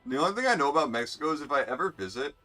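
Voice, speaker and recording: A man's voice: on the high side, very animated, rapid-fire, sharp tone, faint music behind. A young man live-streaming a racing game, chatting bluntly and sarcastically with viewers and swearing freely. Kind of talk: casual live-stream chat while gaming.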